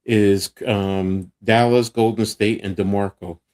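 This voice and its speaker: A man co-hosting a sports stream in a lowish voice, talking slowly and unhurriedly. He murmurs agreement and trails off as he reads the live chat. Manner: laid-back, lots of mm-hmms, trailing off while reading. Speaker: co-host reading the live chat.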